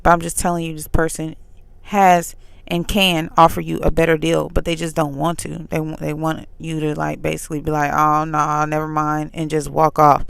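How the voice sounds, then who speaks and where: A woman's voice: deep voice, completely flat delivery, normal speed, vocal fry, smooth, dry recording. A woman vlogger telling a story in a candid, chatty way, with pointed retorts. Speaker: faith vlogger. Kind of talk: casual storytelling monologue.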